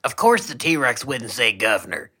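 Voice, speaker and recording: A man's voice: medium pitch, normal speed, husky. A man co-hosting a podcast, chatting in a playful, goofy way. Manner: playful, goofy, lively banter. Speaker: podcast co-host. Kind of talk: casual comedic chat.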